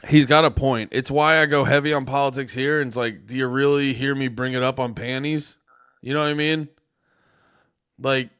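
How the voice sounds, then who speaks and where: A man's voice: mid-range voice, sharp tone, clear, resonant tone. A man reacting to a clip on his stream, keeping it loose and jokey, swearing casually and laughing along. His voice sits in an ordinary middle range for a man. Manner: loose, joking, profane, laughs often.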